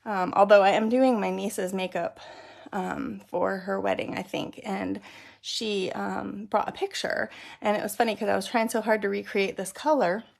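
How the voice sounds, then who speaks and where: Middle-aged woman, makeup tutorial host, casual step-by-step chat, gravelly edge. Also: medium pitch, fairly even intonation, moderate pace. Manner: chatty, explains step by step while applying makeup. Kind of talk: casual how-to demonstration.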